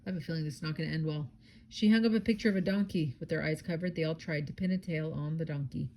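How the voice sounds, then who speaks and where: A woman's voice: low-pitched, fast talker, noisy background. A mother reading a children's picture book aloud expressively, dropping in chatty asides of her own.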